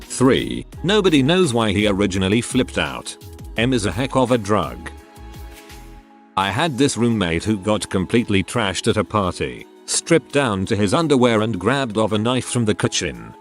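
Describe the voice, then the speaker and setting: Male narrator for read-aloud internet stories, lower voice with lots of pitch movement, soft music bed. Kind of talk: reading forum stories aloud.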